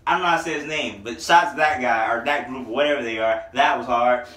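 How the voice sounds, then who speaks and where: A man's voice: mid-range voice, fast, pushed and bright. A young man casually reviewing a mixtape in a rambling, profane, joking way. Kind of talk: casual comedic music review. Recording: echoey room, mic at a distance.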